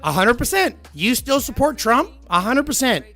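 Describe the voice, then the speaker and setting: A man's voice: very high voice, sing-song, normal speed, bright, forceful tone, soft background music. A man live-streaming who answers viewer comments in a blunt, profane, argumentative way.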